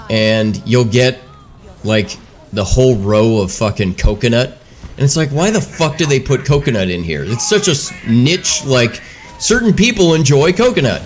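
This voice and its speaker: A man streaming live while he plays, ranting casually with profane, exasperated storytelling. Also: mid-range voice.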